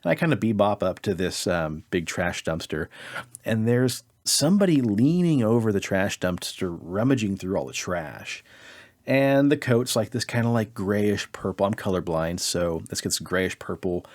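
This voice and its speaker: A man co-hosting a podcast, telling a dream story in a casual, animated way, with his voice jumping up when he quotes people. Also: on the low side, moderate pace, no echo. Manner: animated, acts out quotes in a raised voice. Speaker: podcast co-host.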